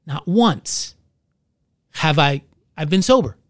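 A man who is a pastor, telling his own story in an earnest, halting way and searching for his words. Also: fairly high pitch, animated, dry recording, studio quality. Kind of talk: candid personal testimony in conversation.

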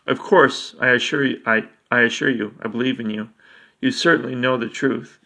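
A man's voice: mid-range voice, fairly even intonation, moderate pace, vocal fry, fairly bright tone. A man voicing a nervous, stammering man who poses as a boy's father in a read-aloud story. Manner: stammering, hedging.

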